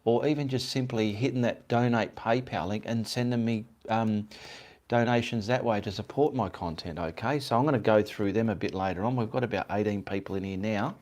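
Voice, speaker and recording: A man's voice: lowish voice, a little fast, a little mellow. An Australian man from Perth hosting a casual live stream, rambling and greeting viewers by name. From Perth, Western Australia. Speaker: livestream host and artist.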